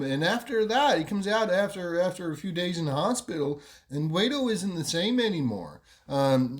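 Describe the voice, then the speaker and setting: Podcast host, casual storyteller, rambling delivery, pitch a bit above average. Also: male voice. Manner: rambling, lots of ums and "you know".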